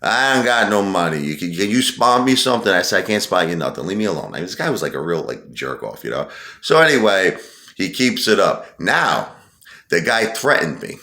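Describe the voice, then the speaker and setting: A man's voice: low-pitched, big pitch swings, fairly quick, bright, forceful tone, roomy sound. A man telling a long personal story in a rambling, defensive way, often repeating himself. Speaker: channel host telling a story. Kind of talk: casual storytelling monologue.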